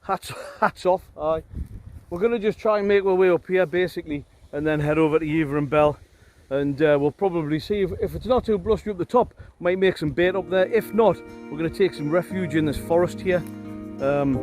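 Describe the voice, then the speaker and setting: A middle-aged man speaks to camera on a windswept hillside, his voice sitting a touch high for a man. He rambles and fills gaps with ums and uhs, mixing easy chat with dry jokes, while music plays underneath. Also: brisk, a little mellow. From Northumberland, England. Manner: chatty, rambling, full of ums and uhs, wry teasing. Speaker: hiking vlogger. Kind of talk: casual walking commentary. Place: windy open hillside outdoors. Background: wind and background music.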